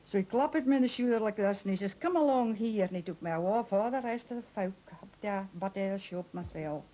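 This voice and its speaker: A woman's voice: medium pitch, a little fast, low-quality recording. A woman from Moray, telling a funny anecdote and acting out both sides of the conversation. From Moray, Scotland. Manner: lively storyteller, acts out both sides of the conversation. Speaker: interviewee.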